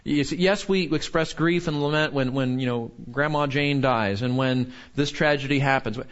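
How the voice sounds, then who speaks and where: A man preaching a sermon in an earnest way, rising high when he quotes and dropping low when he turns somber. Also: normal speed, highs cut off. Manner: earnest, rises sharply when quoting and falls low when somber. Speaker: pastor.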